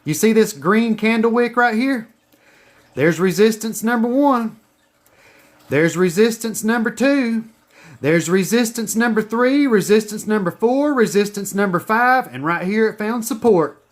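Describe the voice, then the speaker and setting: Brief: a high-pitched man explaining chart patterns, swearing freely and repeating himself for emphasis. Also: animated, measured pace. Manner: profane, emphatic, repetitive. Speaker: trading educator. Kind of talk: casual screen-share lesson.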